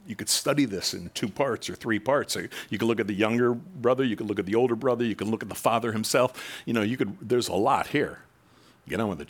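A man giving a sermon, reading a long scripture passage slowly and stopping to comment with wry asides. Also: breathy edge. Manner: acts out the quoted voices, rising loud and high for the angry sons. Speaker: preacher.

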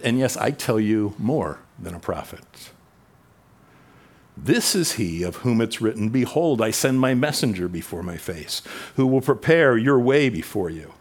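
A man preaching a conversational sermon, asking the crowd rhetorical questions and dropping his voice low when quoting scripture. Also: lively intonation, a little slow. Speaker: pastor. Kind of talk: expository sermon.

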